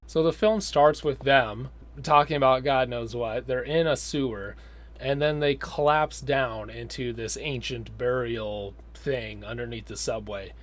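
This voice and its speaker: A male film reviewer talks casually at a mid-range pitch. His delivery is rambling and sardonic, with lots of fillers. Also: unhurried, fairly bright tone.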